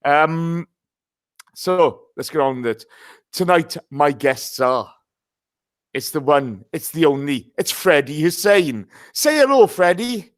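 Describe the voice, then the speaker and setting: A man's voice: fairly high pitch, slow pace, no echo, studio quality. A man hosting a casual football podcast, chatty and greeting listeners by name. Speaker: podcast host.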